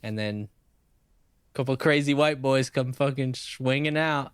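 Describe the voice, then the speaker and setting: A man's voice: mid-range voice, normal speed, clear, resonant tone, no echo, studio quality. A man co-hosting a podcast, telling a rambling, profane story in casual chat. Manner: profane, animated anecdote-telling with laughs. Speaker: podcast co-host.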